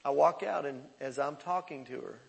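Pastor, middle-aged man, higher gravelly voice, emphatic conversational sermon, reverberant hall. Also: normal speed. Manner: conversational, emphatic preaching with repetitions.

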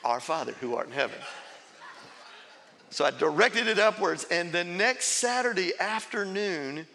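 A man's voice: high voice, animated, a little slow, gravelly, pushed and bright, long reverb tail. A man, a pastor telling his testimony in a sermon, laughing as he tells the story and acting out quotes. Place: large church sanctuary.

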